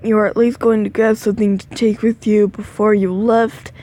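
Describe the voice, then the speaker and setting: A woman's voice: medium pitch, little pitch movement, moderate pace, mellow. A sleepy, yawning woman reading a second-person fan story aloud into a phone, stumbling over words and stopping to comment on the text. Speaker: reader of fan fiction. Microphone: phone microphone.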